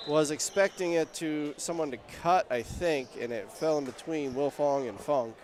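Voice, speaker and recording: A man calling a local high school basketball game play-by-play, chatty and getting louder on big plays. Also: moderate pace, hardly any pauses, noisy background. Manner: chatty, rises in pitch and volume on big plays. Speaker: play-by-play announcer. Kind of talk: play-by-play commentary.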